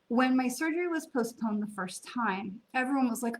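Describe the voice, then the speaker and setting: A woman's voice: a little high, moderate pace, few pauses. A middle-aged woman from the United States, a psychic medium chatting casually to viewers with many fillers and quoted asides. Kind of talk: casual spiritual talk to viewers.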